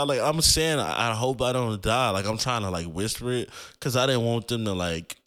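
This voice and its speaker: A man's voice: medium pitch, normal speed, few pauses, a bit bright. A young man in his twenties hosting a podcast, telling a personal story in a casual, emotional way, with many filler "likes". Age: 20s. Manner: casual, emotional, heavy use of "like". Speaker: podcast host.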